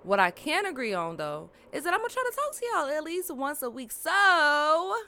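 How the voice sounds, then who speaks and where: A woman's voice: sits high, sing-song, normal speed, pushed and bright. A woman hosting her own podcast in casual, slangy, talkative chat on a close mic. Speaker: podcast host.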